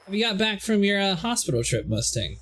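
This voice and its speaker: A man's voice: high-pitched, sing-song, a little fast, fairly bright tone. A man playing along on voice chat, trading teasing, joking banter in casual talk. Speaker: co-player.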